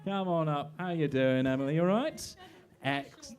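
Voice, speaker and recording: A man's voice: a little high, lively intonation, normal speed, a little mellow. A man hosting a live showcase at an arts club, joking and laughing between acts. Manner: jokey and self-deprecating, laughing often. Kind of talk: compering between songs. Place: indoor arts club venue.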